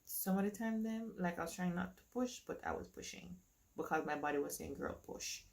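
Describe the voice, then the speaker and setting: Woman, low voice, gravelly fry, casual animated storytelling, acts out other people's lines. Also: fairly quick. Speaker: vlogger telling her birth story.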